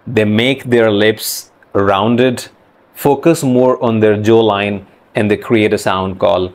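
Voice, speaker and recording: A man presents an English pronunciation lesson in a middle-pitched voice. He explains sounds step by step at a careful pace. He repeats example phrases several times so learners can follow. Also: darkish tone. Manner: slow, deliberate, repeats phrases to demonstrate sounds.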